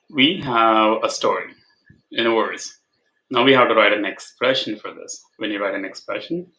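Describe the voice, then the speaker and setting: A man's voice: lowish voice, pushed and bright, rough recording. A man tutoring algebra over a video call, patient, repeating his prompts and checking for understanding. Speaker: math tutor. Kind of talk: online tutoring session.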